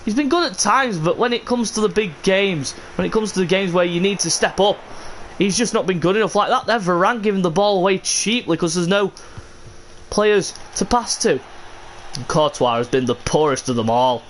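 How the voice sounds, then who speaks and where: Frustrated streamer, man, calls his own game with sudden shouts; light background hiss. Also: sits high, moderate pace. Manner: frustrated, exasperated, bursts into shouts. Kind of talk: live game commentary.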